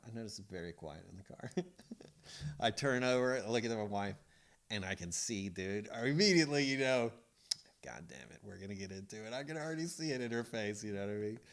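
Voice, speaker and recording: A man's voice: medium pitch, a little fast. A middle-aged man hosting a podcast, telling loose stories in casual chat, swearing freely and laughing often. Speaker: podcast host.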